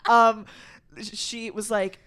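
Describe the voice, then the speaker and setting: A young woman hosting a podcast in casual chat, telling stories in an animated way, swearing freely and acting out quotes loudly. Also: a little high, takes it slowly, clean tone. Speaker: podcast host.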